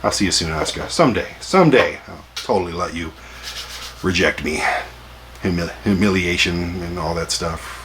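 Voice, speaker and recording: A man's voice: low-pitched, normal speed, noisy background. A man in his forties hosting a collecting vlog, chatty and jokey with self-deprecating asides. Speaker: collector vlogger. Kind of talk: casual rambling vlog.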